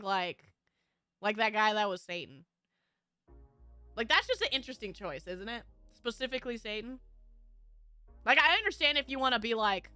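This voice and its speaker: A woman's voice: a little high, sharp tone, smooth, dry recording. A woman streamer chatting casually with her viewers, giggling and laughing often. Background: faint background music.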